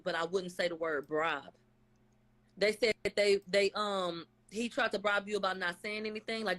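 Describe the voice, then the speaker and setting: With a medium-pitched, slightly bright voice, a woman vlogger gives a casual live recap of a court case. She is blunt, slangy, and profane, listing what people said and quoting their testimony in acted voices.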